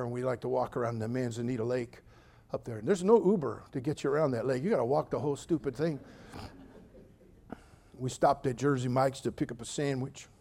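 An older man preaching a sermon as pastor, telling funny stories with sudden loud outbursts, then speaking more quietly and earnestly. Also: mid-range voice. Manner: humorous, animated storytelling with sudden loud outbursts. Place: church.

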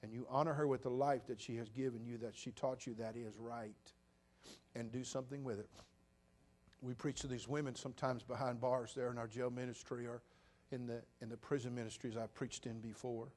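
A pastor in his sixties preaching a sermon, swinging between loud bursts and quiet, low asides. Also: little pitch movement, a little fast. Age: 60s.

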